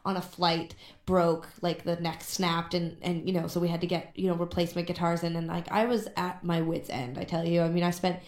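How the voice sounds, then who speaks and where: A young woman with a somewhat low voice talks quickly through a casual radio interview, full of fillers. The studio room adds clear echo. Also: level tone. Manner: chatty, many fillers. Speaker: musician guest.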